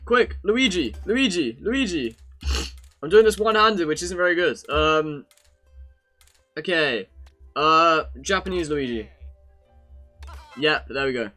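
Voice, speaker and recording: A man's voice: on the high side, measured pace, long pauses, bright, forceful tone, faint music behind. A young British man live-streaming a racing game, chatting casually to his viewers and swearing freely as he plays. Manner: chatty, swears freely, talks to chat while playing.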